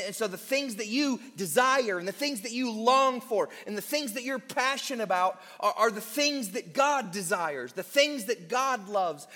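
A man preaching a sermon to his church, emphatic and deliberate, slowing on key words with quick asides. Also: high voice, pushed and bright, long reverb tail. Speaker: pastor.

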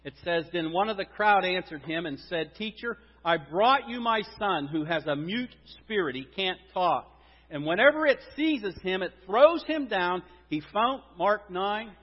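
A high-pitched male pastor delivers a sermon with emphatic swings between loud stresses and hushed drops. His voice rings with long reverb, and the sound is somewhat dull. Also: expressive, measured pace.

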